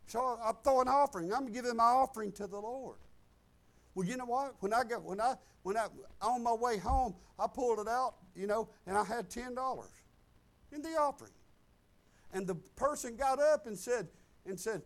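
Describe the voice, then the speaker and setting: A middle-aged man, preaching a folksy, animated sermon full of personal stories and bursts of loud emphasis. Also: very high voice, normal speed. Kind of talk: sermon storytelling.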